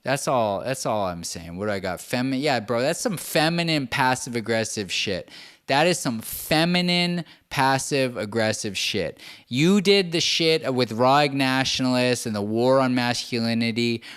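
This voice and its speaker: A man's voice: medium pitch, lively intonation, normal speed, fairly bright tone, clean tone. A man hosting his own show, ranting in casual, profane, sarcastic commentary and laughing as he talks. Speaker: podcast host.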